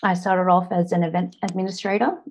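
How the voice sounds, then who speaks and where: An Australian woman in her thirties tells her own story to an audience in an earnest speech. Her voice sits a little low, and she often stops on "now" before moving the story on. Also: flat delivery, a little fast. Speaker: public speaker.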